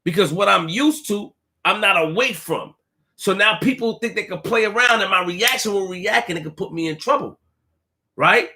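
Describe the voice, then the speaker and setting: A young man talking casually to his stream audience, full of street slang and repetition, swinging from quiet, low remarks to loud outbursts. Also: moderate pace. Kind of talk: casual live-stream rant.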